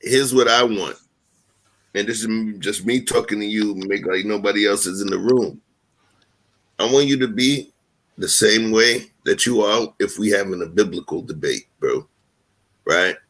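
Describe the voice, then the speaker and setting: A man hosting a live online discussion, calmly urging a guest to argue with substance over insults, repeating his points earnestly. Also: fairly low pitch, normal speed. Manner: earnest, coaxing, repeats himself. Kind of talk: livestream debate moderation.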